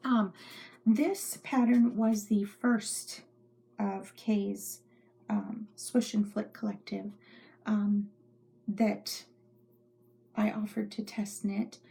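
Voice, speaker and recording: Slow husky woman with creaky voice. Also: mid-range voice, fairly even intonation, dark tone. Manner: rambling, chatty, drops into whispers. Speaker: knitting podcast host. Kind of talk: casual show-and-tell chat. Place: home craft room.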